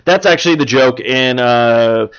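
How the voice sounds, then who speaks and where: A man's voice: medium pitch, measured pace, a bit bright, clear, resonant tone. A man co-hosting a podcast in casual chat, rambling, swearing and retelling movie scenes with jokes. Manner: profane, rambling, jokey retellings. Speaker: podcast co-host. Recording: dull lo-fi sound.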